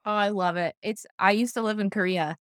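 A woman's voice: mid-range voice, fairly quick, a bit bright, no room sound, clean studio sound. A woman co-hosting a podcast, effusive and gushing as she tells a story in casual chat.

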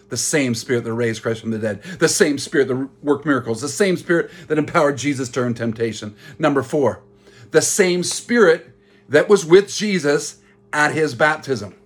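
Husky-voiced man preaching earnestly. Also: fairly high pitch. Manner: earnest, repeats phrases for emphasis. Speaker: pastor. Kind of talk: sermon.

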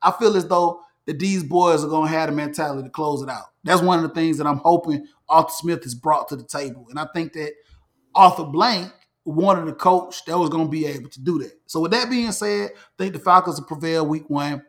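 A man hosting a casual sports talk show, animated, repeating himself and restarting phrases as he makes predictions. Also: on the high side, a little fast. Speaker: podcast host.

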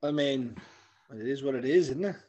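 A man's voice: medium pitch, normal speed, dark tone. A man co-hosting a podcast, chatting casually with short remarks and tag questions. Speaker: podcast co-host. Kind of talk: casual film chat.

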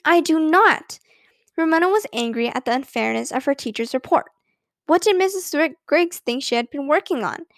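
A woman reads a children's story aloud with an expressive, storytelling delivery. Her voice is high and light. The recording is close and dry. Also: a little fast, no room sound. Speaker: narrator. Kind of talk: scripted narration.

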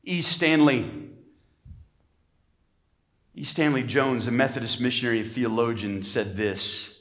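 A man's voice: medium pitch, a little slow. A male pastor preaching a sermon emphatically, calling for amens from the congregation. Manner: emphatic preaching, calls for amens, rising to shouts. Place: church sanctuary.

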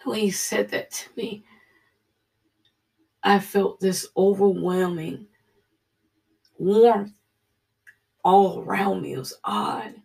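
A Bible study leader reading scripture and telling a personal testimony, earnest and halting, dropping to a hushed voice. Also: medium pitch, fairly even intonation, vocal fry, distant mic.

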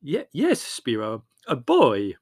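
A man's voice: mid-range voice, wildly swooping pitch, drawn-out words, a bit bright, husky, voice pushed up, heavily acted. A man voicing a proud, mild-mannered doctor who speaks eagerly with a slight stammer.

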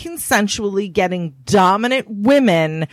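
A woman hosting a podcast, asking questions in an expressive, chatty way and reacting with exclamations. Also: medium pitch, moderate pace, dry recording, studio quality. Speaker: podcast host. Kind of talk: casual podcast conversation.

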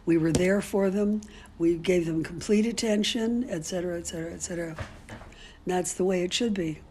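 A woman's voice: on the low side, normal speed, dark tone, slight background noise. An older woman, a great-grandmother, speaking as an interviewee in a candid, outspoken way, telling stories with frequent ums and restarts. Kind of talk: casual storytelling.

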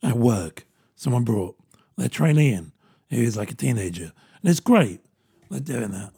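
A man's voice: medium pitch, animated, moderate pace, gravelly, mellow, husky. A British man in his thirties, rambling and self-mocking in a casual comedic monologue, laughing often. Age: 30s.

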